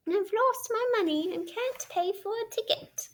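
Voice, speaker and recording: A woman's voice: extremely high pitch, normal speed, pitched above the performer's own voice. A woman voicing a blustering male toad who sobs and pleads to get his way. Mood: pleading. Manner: sobbing, pleading.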